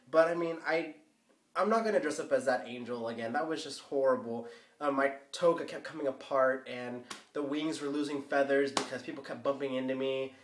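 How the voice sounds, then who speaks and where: A teenage boy vlogging a casual rant, rambling and filling every pause with "like" and "um". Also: on the high side. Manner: rambling, full of "like" and "um". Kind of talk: casual ranting vlog. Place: bathroom floor. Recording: echoey bathroom, mic at a distance.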